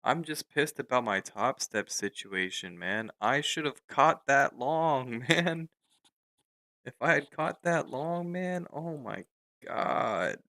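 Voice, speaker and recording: A young man commenting on his trading during a live stream, frustrated and swearing in drawn-out outbursts. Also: mid-range voice, animated, sharp tone, dry recording, poor audio. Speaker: livestreaming futures trader.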